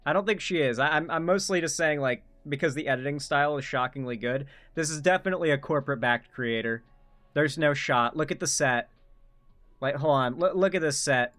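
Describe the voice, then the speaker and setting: A man's voice: fairly high pitch, brisk, a bit bright, soft background music. A man hosting a casual reaction commentary, blunt and swearing, rambling with restarts. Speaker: commentary host.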